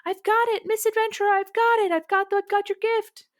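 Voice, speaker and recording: A man's voice: very high voice, steady tone, brisk, fairly bright tone, no echo, clean studio sound, voice pushed up. A woman voicing a tiny, joyful rabbit-folk boy who farms eggs and chatters eagerly, acting older than he is. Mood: overjoyed. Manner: eager, chattering, acts grown up. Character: tiny joyful male rabbit-folk egg farmer, childlike. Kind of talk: tabletop game character voice.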